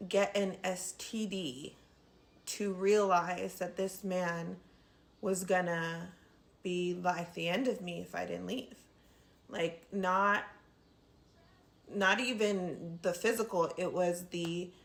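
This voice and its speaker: A woman with a somewhat low voice tells a personal story to camera in a casual storytime style. She talks to her viewers directly and earnestly, pausing often to find her words. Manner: halting, earnest, addresses viewers as "you guys".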